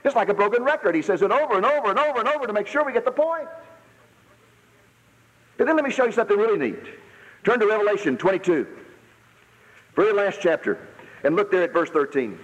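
A man preaching a sermon, reading scripture aloud and stressing lines by repeating them slowly. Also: sits high, expressive. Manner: emphatic preaching, rereads verses slowly for stress. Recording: muffled hall reverb.

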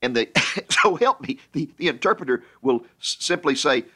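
A middle-aged man preaching a sermon and telling stories in an animated way, often stammering and repeating words. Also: mid-range voice, normal speed. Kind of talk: sermon storytelling.

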